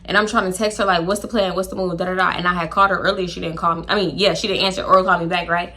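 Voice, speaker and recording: A young woman telling a casual storytime, chatty and animated, acting out quoted dialogue with laughs. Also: lowish voice, racing. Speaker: storytime YouTuber.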